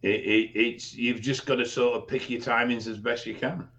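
A man co-hosting a podcast, explaining things in a relaxed, casual way and swearing now and then. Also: medium pitch, moderate pace, lo-fi sound. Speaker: podcast co-host and expert.

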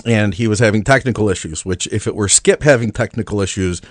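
A man hosting a casual podcast, leading the talk with relaxed, lively questions. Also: fairly low pitch, fast, dry recording, studio quality. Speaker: podcast host.

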